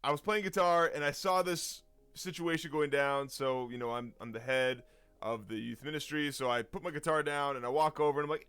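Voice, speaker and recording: A man, a youth pastor, telling a story in a casual, lively way and chuckling often. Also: medium pitch, moderate pace, clean tone, dry recording, soft background music.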